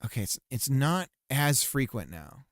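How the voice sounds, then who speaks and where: Male dev streamer, lively playful delivery, thinks aloud, dry close sound. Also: mid-range voice, a little slow, no echo. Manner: playful, muttering and repeating phrases to himself. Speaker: game developer streaming.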